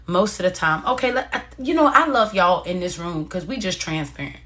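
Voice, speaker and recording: A fairly quick woman's voice on the low side leads a motivational stream. Warm and casual, she addresses viewers straight on, cheers them along, reads their comments aloud, and says the same phrases again and again.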